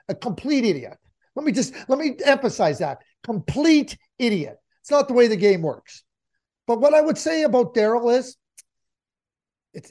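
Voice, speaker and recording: A man analyzing hockey in a relaxed podcast chat. He gets emphatic, repeats his key words, and stumbles into restarts. His voice runs high. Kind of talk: casual sports talk.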